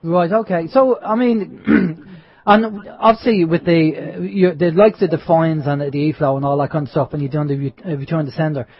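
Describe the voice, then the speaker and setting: A man's voice: a little high, steady tone, moderate pace. A man hosting a radio interview, asking casual, hesitant questions full of fillers. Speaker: radio host. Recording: slightly dull lo-fi sound.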